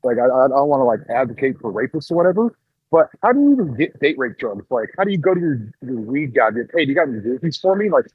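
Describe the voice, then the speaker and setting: A man's voice: medium pitch, sing-song, fast, husky, no room sound, narrow, tinny audio. A man guesting on a podcast, talking frankly and rambling a bit. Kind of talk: casual chat.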